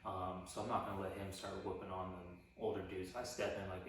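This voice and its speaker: A man casually recounting a personal story in a relaxed, rambling way, full of "like" fillers. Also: sits low, fairly quick, hardly any pauses, recorded from a distance, a little hiss or hum. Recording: echoey room, voice off mic.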